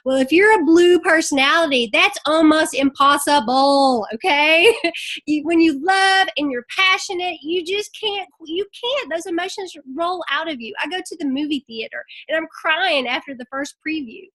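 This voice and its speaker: A woman's voice: high voice, moderate pace, a bit bright. A woman giving emotional, chatty, scattered motivational tips as a network marketing ambassador on a group call.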